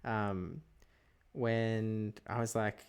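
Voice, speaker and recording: A young man with an Australian accent and a lowish voice chats casually while streaming a game. He tells stories and keeps breaking into laughter. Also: fairly even intonation, extremely slow, creaky, clean tone. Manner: laughs often while telling anecdotes. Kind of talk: casual chat while gaming.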